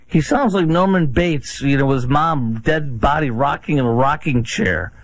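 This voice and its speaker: A man's voice: a little high, measured pace, rough recording. A man hosting a talk show, giving sarcastic, mocking commentary on clips.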